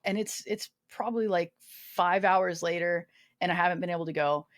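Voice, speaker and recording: A woman's voice: lowish voice, moderate pace. A woman in her twenties, a guest on a podcast, telling a personal story candidly with self-mocking humor, swearing and lots of fillers. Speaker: podcast guest, army veteran.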